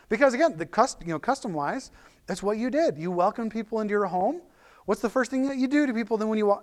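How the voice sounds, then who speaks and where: A man with a notably high voice preaches a sermon in a relaxed, conversational way. He talks animatedly, often restarting his sentences and filling pauses as he goes. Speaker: pastor.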